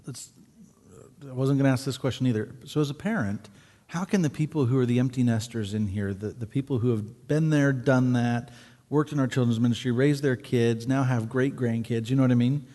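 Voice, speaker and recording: Male pastor, host, earnest and joking, mid-pitched voice, long hall reverb. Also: brisk, dark tone. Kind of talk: casual stage conversation in church. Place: church sanctuary.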